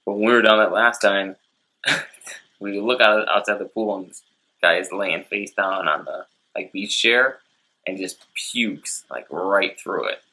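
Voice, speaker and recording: A man with a low-set, forceful bright voice, chatting casually as the co-host of a comedic beer tasting show. He tells loose, rambling stories and acts out the people in them. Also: a little slow. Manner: rambling storyteller, acts out quotes.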